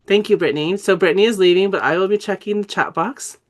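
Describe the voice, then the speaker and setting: Fighting a cold, this woman coughs and clears her throat while giving an enthusiastic, chatty online lesson on dyslexia, spelling out letters as she goes. She speaks at a medium pitch and a quick pace.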